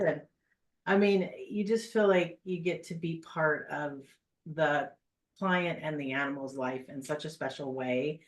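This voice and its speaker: An animal communicator guest telling heartfelt stories in a casual podcast chat, with many pauses and fillers. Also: mid-range voice.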